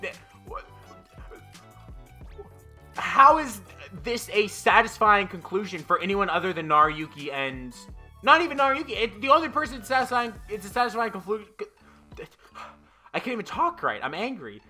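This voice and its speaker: Bright-voiced young man ranting profanely. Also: sits high. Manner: profane, exasperated, lots of fillers. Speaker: manga reviewer. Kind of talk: casual ranting review.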